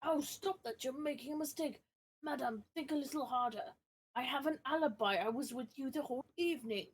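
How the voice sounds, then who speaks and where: A woman's voice: high voice, brisk, slight background noise, lightly acted. A woman voicing a haughty, indignant male priest with a put-on French accent, while reading a game aloud. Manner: indignant and protesting.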